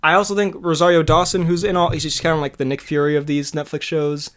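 A man's voice: a little high, level tone, fast, fairly bright tone. Rambling, swearing young man. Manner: rambling, swears often, laughs at own jokes. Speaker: podcast host. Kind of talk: casual chat reviewing TV shows.

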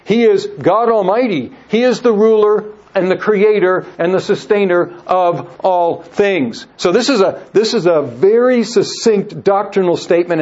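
Male Bible teacher, high pitch, measured and repetitive delivery, muffled recording. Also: darkish tone. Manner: measured, repeats words and restarts phrases. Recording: dull lo-fi recording.

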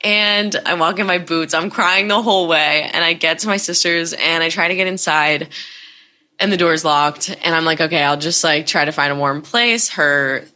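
Low, bright-voiced woman telling a story. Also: moderate pace. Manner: candid, rambling, heavy use of "like". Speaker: podcast host. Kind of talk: casual storytime monologue.

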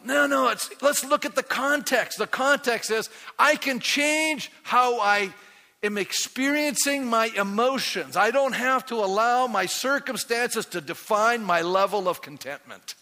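A middle-aged pastor preaching a sermon with energy, quizzing the congregation with rising questions. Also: male voice, extremely high pitch, animated, measured pace, bright, forceful tone, long reverb tail.

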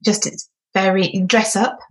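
A woman's voice: medium pitch, little pitch movement, unhurried. A woman co-hosting a podcast, chatting casually and laughing often. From United Kingdom. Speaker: podcast co-host and history tour guide. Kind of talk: casual conversational chat.

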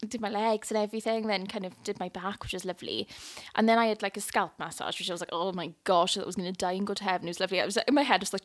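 A woman co-hosting a podcast in a living room, telling a funny story with lots of laughter and acted-out quotes. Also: medium pitch. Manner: animated storyteller, laughs often, acts out quotes. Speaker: podcast co-host. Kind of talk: casual chat, storytelling.

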